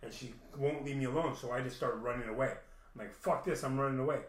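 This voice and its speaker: A man's voice: medium pitch, steady tone, fast. A man telling a long profane story in a rambling, casual way, acting out the dialogue. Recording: echoey room, mic at a distance.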